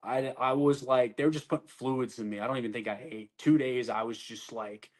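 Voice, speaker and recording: A man of middle pitch tells his own story in a loose conversation. He swears freely, talks bluntly, and acts out the voices of the people he describes. His manner is casual and unpolished, like an army soldier recounting events. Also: a little fast.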